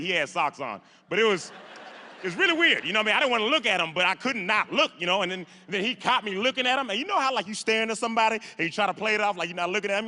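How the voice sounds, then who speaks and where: A young man in his twenties doing stand-up comedy on a large stage, telling an animated story. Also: sits high, slight background noise. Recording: echoey theater stage.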